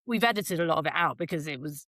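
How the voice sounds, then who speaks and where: A woman's voice: low voice, expressive, fast talker, fairly bright tone, no room sound. A middle-aged woman from Britain, a broadcaster talking as a podcast guest in a candid, rambling way, swearing and joking. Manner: frank and jokey, swears, rambling tangents. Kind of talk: candid conversational interview.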